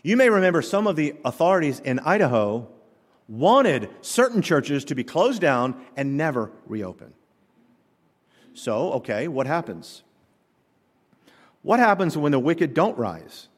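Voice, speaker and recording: A man's voice: on the high side, sing-song, a little slow, long pauses. Emphatic male preacher in a reverberant hall. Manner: emphatic preaching with rhetorical questions. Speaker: pastor. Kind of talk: sermon.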